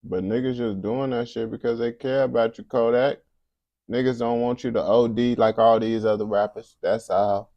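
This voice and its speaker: A man's voice: mid-range voice, steady tone, moderate pace, dry recording, highs cut off. A man streaming casual reaction commentary, blunt and heavy on slang.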